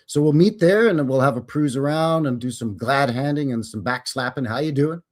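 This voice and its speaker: A man's voice: medium pitch, a little fast. A Canadian man hosting a live stream in a folksy, jokey, casual way. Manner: folksy, jokey, greets viewers by name. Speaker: host.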